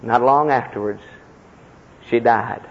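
A man preaching a sermon as a personal story, impassioned, with sudden leaps in pitch and heavy emphasis. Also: takes it slowly, gravelly, slightly rough. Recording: echoey hall, dull lo-fi sound.

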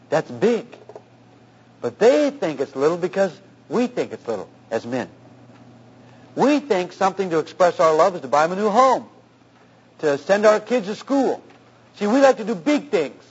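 A man's voice: sits high, slightly rough. A man who is a pastor, preaching earnestly through a personal story about marriage, in a dull lo-fi recording. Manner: earnest, anecdotal, animated retelling.

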